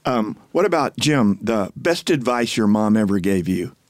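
Un hombre mayor, padre de las presentadoras, que hace preguntas rápidas al invitado con humor seco y burlón. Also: male voice, on the low side, expressive, normal speed, no room sound. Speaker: father of the hosts, former ad creative director. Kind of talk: asking rapid-fire interview questions.

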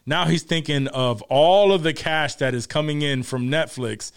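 A man's voice: on the high side, moderate pace, clean tone. A man co-hosting a podcast, rambling and repeating himself as he thinks aloud. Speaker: podcast co-host. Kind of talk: casual chat.

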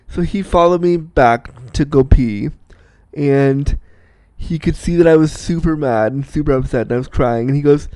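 A young man telling a personal story in a casual, animated, self-mocking way, laughing often. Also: on the high side, no echo.

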